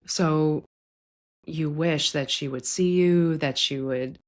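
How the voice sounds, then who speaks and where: A therapist with a low-pitched voice hosts a podcast, speaking slowly in a gentle, reflective manner. In this conversational psychology talk she explains a clinical idea to listeners, now and then slipping into the voices of clients or parents to illustrate it.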